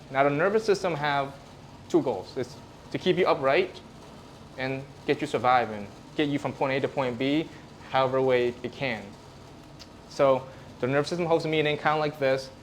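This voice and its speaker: A man's voice: medium pitch, slight background noise. A man, a physical therapist, presenting casually to a live audience in a room and acting out examples as he explains. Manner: casual, conversational, acts out examples.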